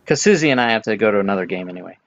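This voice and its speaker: A man running a tabletop game as dungeon master, talking casually with pauses and fillers. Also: on the low side, animated, muffled recording, slight background noise.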